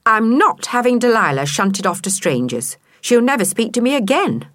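A woman's voice: fairly high pitch, sing-song, normal speed, fairly bright tone, dry recording, studio quality, voice pushed up. A woman voicing an eager young boy who pleads and protests earnestly.

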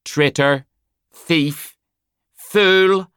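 A man's voice: mid-range voice, lively intonation, a little slow, vocal fry, dry recording, pitched above the performer's own voice. A cold medieval knight barks orders and mocks with a lazy, sneering drawl, his voice raised above the reader's usual tone. A man acts him out. The sound is dry and close, like a storybook reading. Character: cold, mocking medieval male knight leader.

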